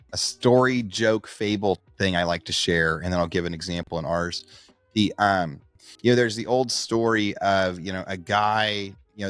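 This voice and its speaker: This low-pitched, slightly bright voice belongs to a middle-aged podcast co-host, captured without echo. His talk is relaxed storytelling, with quoted lines performed in character.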